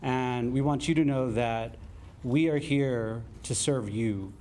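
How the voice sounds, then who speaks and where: A man speaking as an incoming co-executive director, giving earnest, measured remarks at an event. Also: mid-range voice, dark tone, a little hiss or hum.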